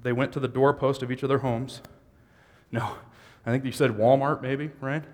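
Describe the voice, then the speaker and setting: In a large hall, a pastor preaches at a moderate pace, his medium-pitched voice fairly even in intonation. He moves from relaxed asides into fervent exhortation, building from conversation to impassioned shouting.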